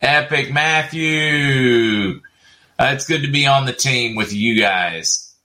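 A man's voice: mid-range voice, animated, moderate pace, pushed and bright. A middle-aged man hosting a casual livestream, chatting and reading viewer comments aloud with frequent laughs. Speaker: livestream host.

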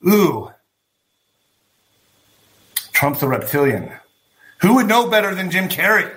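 Guy ranting on his vlog, cussing a lot, bright punchy voice, kinda high. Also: very animated, slow pace. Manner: blunt, swearing, emphatic, addresses viewers as folks. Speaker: commentary vlogger. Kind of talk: profane political commentary rant.

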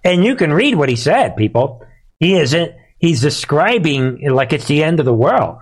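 A man's voice: on the high side, very animated, moderate pace, slightly rough. A man hosting a live commentary show, talking in a sarcastic, emphatic way and often addressing listeners as "folks.".

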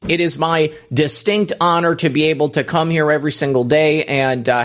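A man hosting a live stream, reading viewer thank-yous aloud in a brisk, casual way with frequent fillers. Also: mid-range voice. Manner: brisk, reads out names with fillers. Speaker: host.

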